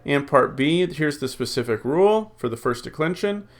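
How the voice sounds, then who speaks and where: A man teaching a recorded Greek lesson, slowly drilling word forms, reading out rules and thinking aloud with many ums and uhs. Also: fairly high pitch, expressive. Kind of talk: recorded classroom lecture.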